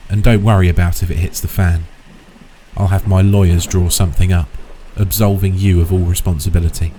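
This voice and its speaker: A man's voice: low voice, level tone, a little fast, mellow, a little hiss or hum, lightly acted. A man doing a blunt, bullying rich father. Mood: callous. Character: wealthy domineering middle-aged father, blunt and contemptuous.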